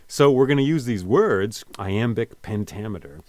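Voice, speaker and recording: Low-voiced man explaining a poem. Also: animated, moderate pace, a little mellow, no echo. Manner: reflective, explains with asides and quoted readings. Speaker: poet and teacher. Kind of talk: spoken poetry lesson.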